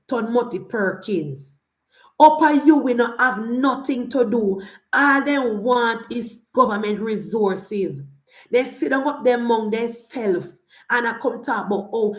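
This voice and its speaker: A Jamaican woman with a high voice delivers political commentary in an indignant tone. She fires off rhetorical questions and slips into Patois phrases. Her voice rings around a roomy, echoing space.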